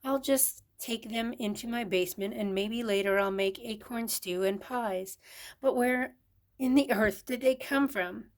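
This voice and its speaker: A woman's voice: fairly high pitch, a little slow, natural voice. A grandmother reading aloud, voicing a grumpy, hardworking female mole who complains and snaps. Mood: grumbling. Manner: complaining, snappish.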